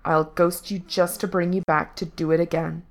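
A woman voicing a cold, menacing male villain who speaks quietly and with measured threat. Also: fairly low pitch, level tone, gravelly. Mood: growling threat.

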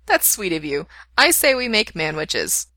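A playful, eager young man who stumbles over his words, put on by a woman reading a story. The voice is bright and crisp, recorded close and dry. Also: fairly low pitch, sing-song, dry recording, full character voice. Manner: halting, eager, raised and louder than the narration.

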